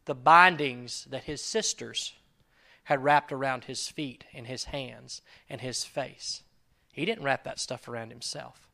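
A man preaching a sermon in an earnest way, swinging between loud emphasis and quiet asides and acting out quoted prayers. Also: mid-range voice, a little slow, gravelly. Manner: acts out quoted prayers and lines. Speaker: pastor.

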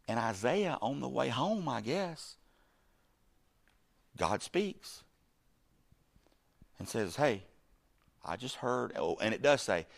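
A middle-aged man preaching with a low voice that rises and falls a great deal. He jumps from loud, excited bursts to soft, almost hushed asides, and he acts out the quoted lines of his story. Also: gravelly. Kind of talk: sermon.

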